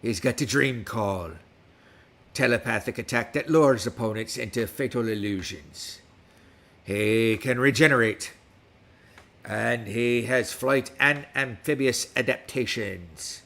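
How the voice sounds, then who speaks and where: A man's voice: mid-range voice, slow pace, vocal fry, pushed and bright. A middle-aged man hosting a casual livestream, talking in a put-on West Country pirate accent. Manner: playful pirate talk, reads stats aloud. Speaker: livestream host.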